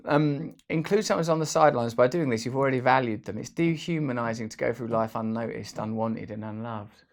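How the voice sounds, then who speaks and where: Gravelly man musing playfully. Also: mid-range voice, brisk. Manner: rambling, playful, jokey asides. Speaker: host. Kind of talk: casual vlog monologue.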